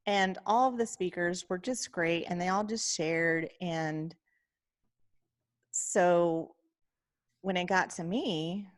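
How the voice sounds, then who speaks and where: A woman podcast co-host in casual chat, telling a story in an animated way and often quoting herself and others. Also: on the low side, slow, pauses often.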